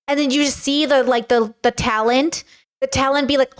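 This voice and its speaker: A woman's voice: high-pitched, a little fast. A young woman streaming, chatting casually and rambling in reaction to clips, full of fillers and swearing. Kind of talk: casual reaction chat to a live chat.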